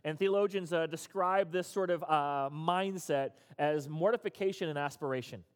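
A man's voice: fairly high pitch, moderate pace, clean tone. A male pastor giving an interactive sermon, emphatic and repetitive, coaxing his audience to respond. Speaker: pastor leading a recovery group. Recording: echoey hall.

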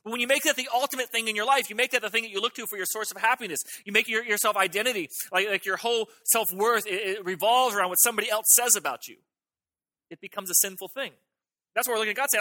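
A man's voice: high-pitched, quick pace, sharp tone, no echo. A man preaching a sermon in a conversational way, often restarting words and acting out the lines of God and of his listeners. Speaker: pastor.

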